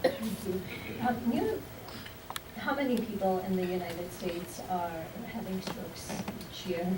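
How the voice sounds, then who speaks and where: A woman's voice: on the low side, a little slow. A woman moderating, politely asking questions with some hesitation. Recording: echoey room, mic far off, clear noise.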